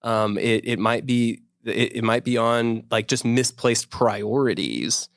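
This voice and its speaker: A man's voice: medium pitch, slow pace, vocal fry, fairly bright tone, smooth, dry recording, studio quality. Rambling man on a church podcast. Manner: rambling, many restarts. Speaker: podcast co-host. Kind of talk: casual podcast discussion.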